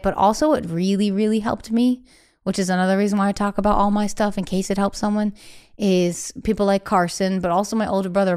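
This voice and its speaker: Woman in her 30s chatting openly on a podcast, acts out what her family said. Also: mid-range voice. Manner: candid, quotes family members in lively voices. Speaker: podcast guest. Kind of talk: casual interview chat.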